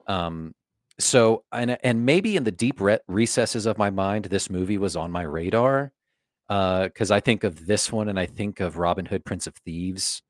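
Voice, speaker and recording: A man's voice: low-pitched, unhurried, no room sound, clean studio sound. A man co-hosting a film podcast, talking loosely and chattily and swearing casually. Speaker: podcast co-host. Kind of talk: casual film-review chat.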